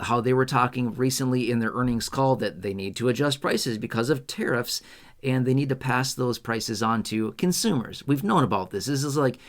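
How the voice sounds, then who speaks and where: Male finance commentator, casual to camera, animated and conversational, mid pitch. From United States. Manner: animated, conversational, asks rhetorical questions.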